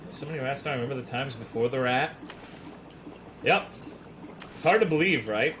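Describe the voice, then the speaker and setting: Streaming a video game, a man chats casually with his audience in joking, profane banter. His medium-pitched voice is expressive at a moderate pace, and there is background noise.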